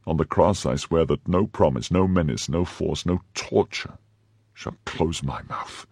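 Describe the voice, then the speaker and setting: A man's voice: very deep voice, measured pace, darkish tone, husky, no echo, clean studio sound, full character voice. A man reading the part of a proud, defiant young noblewoman held prisoner, speaking in impassioned, declamatory bursts in an audiobook.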